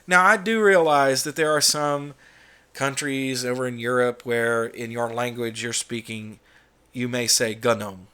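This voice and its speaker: A man's voice: mid-range voice, steady tone, measured pace, sharp tone, smooth. A middle-aged American man hosting a casual monologue vlog, ranting bluntly with some swearing. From United States. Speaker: YouTube channel host.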